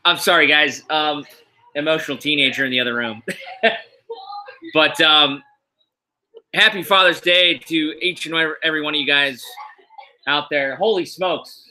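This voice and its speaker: With a sharp voice on the high side, this middle-aged East Coast wrestling podcast host talks at normal speed with long pauses. He's live-streaming casual chat from his home room, rambling with many fillers, tired but upbeat. The poor audio carries a little hiss or hum.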